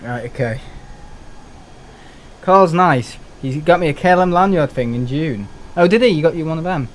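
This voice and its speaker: A man's voice: fairly high pitch, animated, moderate pace. A young man streaming a game, rambling casually, joking, swearing and laughing often. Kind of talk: casual live-stream chat.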